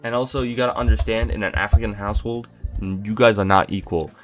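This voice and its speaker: A man's voice: fairly low pitch, fairly even intonation, quick pace, soft background music. A young man doing a comedic rant to camera, exasperated and incredulous, with exaggerated outbursts. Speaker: comedy vlogger.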